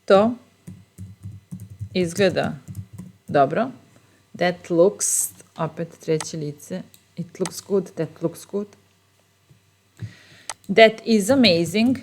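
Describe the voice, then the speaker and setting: A woman with a Serbian accent teaching short English phrases, repeating each one slowly and explaining patiently. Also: fairly low pitch, darkish tone. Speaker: language teacher. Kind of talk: bilingual phrase lesson.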